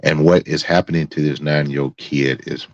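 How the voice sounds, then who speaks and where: A man's voice: rumbling low, fairly even intonation, moderate pace, a little mellow, no room sound. A male host giving angry, profane live-stream commentary, repeating himself as he vents. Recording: dry, dull lo-fi sound.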